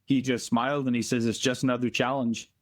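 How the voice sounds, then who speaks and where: A man from Canada, a volunteer being interviewed remotely, telling earnest stories in a plainspoken, emphatic way and slowing down to stress points. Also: mid-range voice, flat delivery. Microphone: remote call from abroad.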